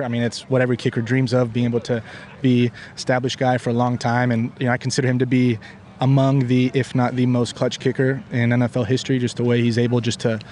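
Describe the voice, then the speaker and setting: A man from Italy talks quickly at a middle pitch, answering interview questions in an upbeat, earnest way. He leans on fillers as he goes. Faint outdoor ambience hums behind his voice. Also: a little mellow, a little hiss or hum. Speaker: football kicker guest.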